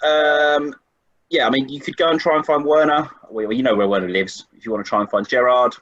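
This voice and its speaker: A man's voice: mid-range voice, steady tone, fairly quick, a bit bright, no room sound, highs cut off. A man running a tabletop game as game master, chatting casually and laughing often.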